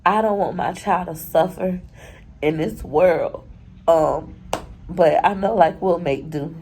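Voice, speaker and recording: A woman's voice: on the low side, takes it slowly, warm tone, a little hiss or hum, low-quality recording. A young woman, crying as she talks through a personal vlog, rambling and candid. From Florida. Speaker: YouTuber.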